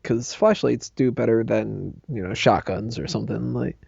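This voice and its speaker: A young man hosting a podcast roundtable, telling a story in an animated, laughing way and swearing freely. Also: medium pitch, moderate pace, gravelly, breathy edge, no echo. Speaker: podcast host. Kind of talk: casual roundtable chat. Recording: slightly muffled podcast audio.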